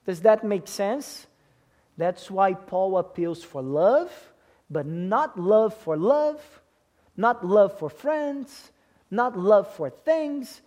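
A man's voice: sits high, animated, extremely slow, darkish tone. A man preaching a sermon to a congregation in an emphatic way, often checking in with them by asking questions. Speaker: pastor.

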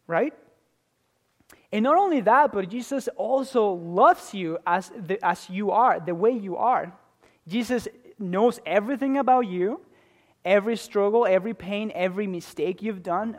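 Young male pastor, high voice, earnest sermon delivery with dynamic swings. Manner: earnest, swings from loud emphasis to soft, slow intimacy.

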